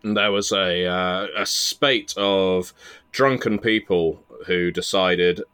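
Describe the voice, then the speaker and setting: Deep-voiced Southern English podcast host. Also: male voice, fairly even intonation, slow pace, fairly bright tone, clean tone. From England. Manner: chatty, self-deprecating, many filler restarts. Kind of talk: casual podcast chat.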